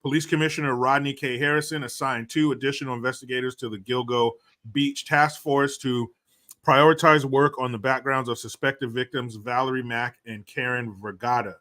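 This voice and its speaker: A man's voice: mid-range voice, fairly even intonation, normal speed, sharp tone. A man hosting a casual podcast, talking bluntly and loosely with lots of swearing. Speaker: podcast host.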